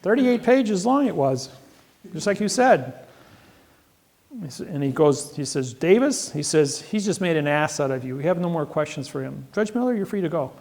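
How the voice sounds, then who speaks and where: Gravelly boastful guy rambling thru seminar stories, repeats himself a lot. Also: on the high side, lively intonation, normal speed, darkish tone. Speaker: seminar speaker. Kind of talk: seminar talk, storytelling to an audience. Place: seminar room.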